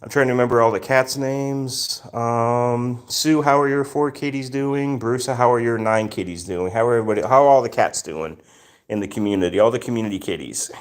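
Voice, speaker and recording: A man's voice: medium pitch, brisk. Chatty man hosting a cat live stream. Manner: chatty, greets viewers by name, many fillers. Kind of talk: casual live stream chat.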